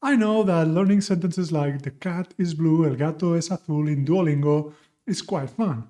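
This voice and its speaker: A young man teaching a language lesson, playful and slowing down carefully to model each phrase. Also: on the high side, mellow. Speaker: Spanish teacher.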